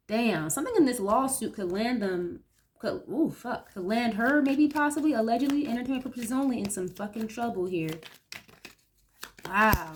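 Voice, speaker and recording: A young woman doing a casual tarot reading, reacting aloud to each card with blunt, profane commentary. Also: mid-range voice. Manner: blunt, swears freely, reacts aloud to the cards. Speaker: tarot reader.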